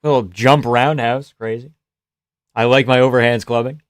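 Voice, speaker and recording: Guy streaming fight reactions, swears a lot, laughs, yells at big punches, dry close mic. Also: medium pitch, fairly even intonation, moderate pace, no room sound. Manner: profane, joking, laughs often; reacts loudly to big shots. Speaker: live stream fight commentator. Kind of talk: casual live fight reaction commentary.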